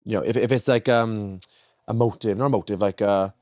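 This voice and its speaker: A man's voice: on the low side, steady tone, fairly quick, darkish tone, no room sound, studio quality. A young man co-hosting a podcast in casual chat, rambling and restarting his sentences. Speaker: podcast co-host.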